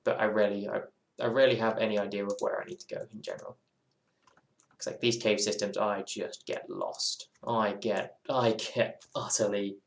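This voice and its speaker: A man with a fairly low, gravelly voice talks at normal speed in a level tone as he plays a game on stream. His live-stream chat is casual, rambling, and musing, and he keeps interrupting himself and circling back. The room sounds echoey.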